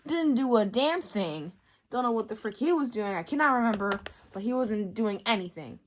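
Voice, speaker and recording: A woman giving a casual book talk as a vlogger, ranting in an animated, exasperated way with lots of fillers and bursts of laughter. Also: on the high side, moderate pace, a little hiss or hum. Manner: breaks into laughter.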